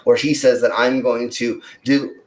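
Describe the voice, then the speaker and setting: A man co-hosting a casual podcast chat, rambling and filling pauses with ums and likes. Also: medium pitch, flat delivery. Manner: rambling, many fillers and restarts. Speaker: podcast co-host. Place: Denver, United States.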